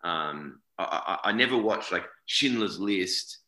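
An Australian actor in his forties rambles through a casual interview, often repeating words and correcting himself. His voice is low, expressive and unhurried with a sharp tone, captured in an echoey room on poor audio.

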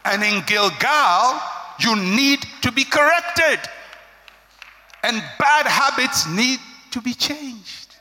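A man's voice: extremely high pitch, animated, takes it slowly, bright, forceful tone. Emphatic preacher man in a reverberant hall. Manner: emphatic, rising and falling preaching cadence. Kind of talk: sermon.

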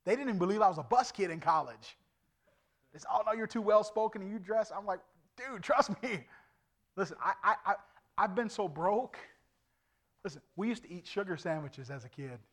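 Man, evangelist, middle-aged, testimony sermon, animated, loud to hushed, fairly high voice. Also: fairly quick.

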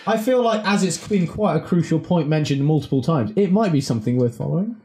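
A man's voice: a little high, expressive, brisk, darkish tone. Joking male player, faint noise. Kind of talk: casual chat.

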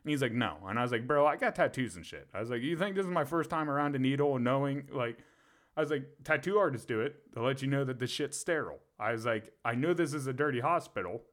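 A man's voice: medium pitch, expressive, fast talker, fairly bright tone. A man co-hosting a podcast, telling a story in a casual, profane way and laughing often. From Pennsylvania. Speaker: podcast co-host.

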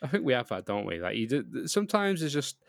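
A man's voice: medium pitch, sing-song, fairly quick, vocal fry, dry recording. Rambling young man, dry sound. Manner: rambling, lots of "like", laughs easily. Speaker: podcast co-host. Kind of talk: casual chat. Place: remote online call.

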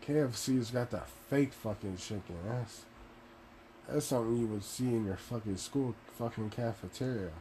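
A man's voice: medium pitch, moderate pace, warm tone, a little hiss or hum. A young man at home giving casual, profane commentary, ranting with laughs and exasperation. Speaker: video commentator. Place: home room.

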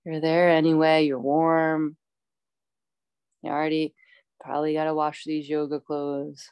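A woman teaching a yoga class, calmly cueing poses and breaths with chatty asides. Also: deep voice, a little slow, clean tone, no room sound. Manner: calm, instructive, chatty asides.

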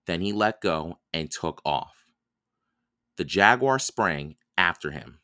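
A man reading a children's chapter book aloud for a podcast, in calm, even storytelling narration. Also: deep voice, slow, dry recording, clean studio sound. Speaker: podcast reader.

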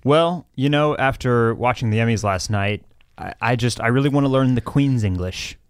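A man's voice: mid-range voice, moderate pace, clear, resonant tone, dry recording, studio quality. Easygoing male podcast co-host. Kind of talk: casual podcast chat. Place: podcast studio.

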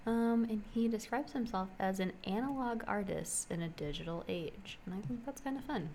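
Young woman, podcast co-host, casual hesitant talk, mid-pitched voice, faint hiss. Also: moderate pace. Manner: relaxed, hesitant with many ums. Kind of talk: casual chat.

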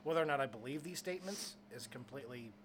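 A man's voice: mid-range voice, expressive, fast, noisy background. A young man hosting a casual podcast, rambling and cracking crude jokes. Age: young adult. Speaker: podcast host.

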